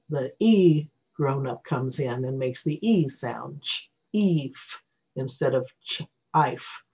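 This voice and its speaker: A teacher explains reading rules while recording their own screen, often pausing to restart or correct a thought. The voice is breathy and husky, sitting at a middling pitch. It comes through a computer mic on a dull, lo-fi recording. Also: a little mellow. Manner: explanatory, self-correcting, thinking aloud. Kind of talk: screen-recorded software tutorial.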